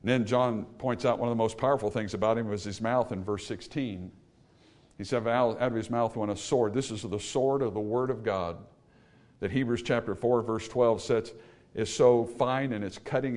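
A man delivers a sermon to his congregation, moving between quiet, low passages and loud, emphatic ones while posing rhetorical questions. His tone stays steady and he speaks at a normal speed.

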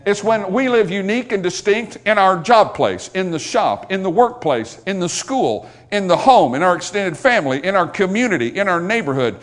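A middle-aged male pastor delivering a sermon in a high, lively voice that rises and falls constantly. He mixes folksy jokes aimed at the congregation with loud, emphatic declarations, then drops back to quiet asides. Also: normal speed, hardly any pauses. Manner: swings from soft asides to loud emphatic points.

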